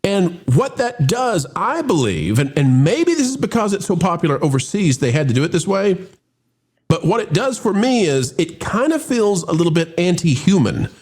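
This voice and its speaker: A man's voice: high voice, very animated, normal speed, a little mellow, husky. A man hosting a casual movie review chat, opening with showman-style greetings and rambling with restarts. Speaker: host.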